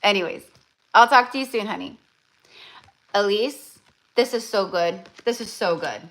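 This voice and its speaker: A woman's voice: mid-range voice, expressive, a little slow, fairly bright tone. Young woman, tarot reader, live-stream reading, gushing, lots of filler words. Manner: gushing, effusive, many fillers and restarts.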